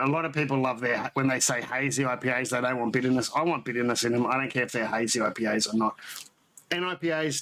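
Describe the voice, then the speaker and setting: Recorded on poor audio, a man with a medium-pitched, fairly bright voice hosts a homebrewing livestream. He rambles through casual live chat, tasting beer on stream and correcting himself as he goes.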